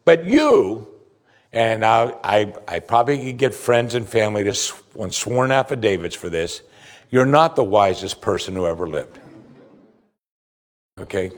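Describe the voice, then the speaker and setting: A man preaching a sermon, emphatic and animated, asking rhetorical questions. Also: mid-range voice, moderate pace. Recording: long hall reverb.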